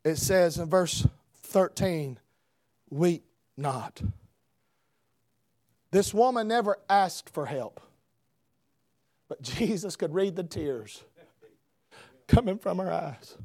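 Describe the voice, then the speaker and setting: Preacher, male, very high voice, dry close sound, shouts then hushes. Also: animated, slow pace, pauses often, no room sound. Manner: builds to shouting emphasis, swings between loud and hushed. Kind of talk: revival sermon.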